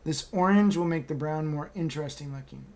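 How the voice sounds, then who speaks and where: A man's voice: on the high side, fairly quick, darkish tone. A man teaching a miniature painting class over a video call, talking casually and joking as he works. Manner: casual, joking, chatty while working. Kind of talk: live online painting class. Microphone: computer mic on video call.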